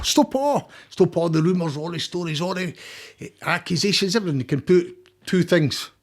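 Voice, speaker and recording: An older Scottish man talking as a podcast guest, blunt and rambling, with frequent swearing. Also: a little high. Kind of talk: casual conversation.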